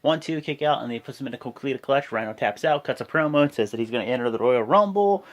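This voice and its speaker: A man's voice: mid-range voice, lively intonation, fast. A man giving a casual, rambling play-by-play recap. He corrects himself often and acts out the quotes. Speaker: wrestling show reviewer.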